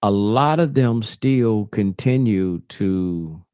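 A man hosts talk radio in a low voice, lecturing his listeners like a street preacher. He calls them brothers and sisters and keeps circling back over his own words. The sound is dry and close. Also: lively intonation, slow pace, warm tone, clean tone, no room sound. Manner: loose, repeats and restarts phrases.

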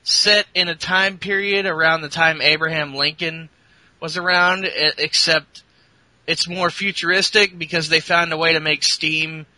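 A man's voice: a little high, fairly even intonation, unhurried, pushed and bright, no room sound, low-quality recording. A man hosting a podcast, rambling through a casual recap with lots of fillers and crude jokes. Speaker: podcast host. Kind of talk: casual wrestling recap chat.

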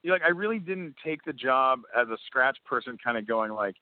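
Excitable guy rambling thru a phone interview, tinny dry line. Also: medium pitch, fairly quick, dry recording. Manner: rambling and excitable, many restarts. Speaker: guest voice actor and comedian.

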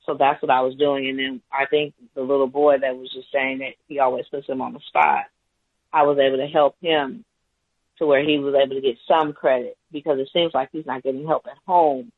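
A man's voice: mid-range voice, little pitch movement, brisk, dry recording. A man calling in to a talk show, telling a story in a rambling, hesitant way. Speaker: caller. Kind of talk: call-in talk radio account. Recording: tinny phone line, dry.

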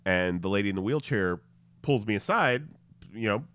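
A man's voice: on the low side, animated, normal speed, fairly bright tone, no room sound. A man hosting a podcast, telling a story in a casual chat, acting out the voices and laughing often. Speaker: podcast host.

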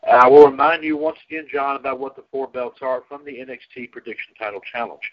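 A man's voice: mid-range voice, fast, muffled recording. A man hosting a casual internet radio show about wrestling, rambling and restarting his sentences and laughing easily. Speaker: podcast host.

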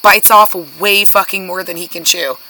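A woman co-hosting a podcast in casual chat, relaxed and laughing, rambling through her explanations. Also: medium pitch, moderate pace, low-quality recording. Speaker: podcast co-host.

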